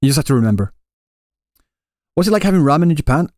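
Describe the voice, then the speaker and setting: A man's voice: on the high side, very animated, fast, mellow, no room sound, clean studio sound. A male streamer living in Japan answering live chat questions in a casual, rambling way with many restarts. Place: Japan, Kansai area.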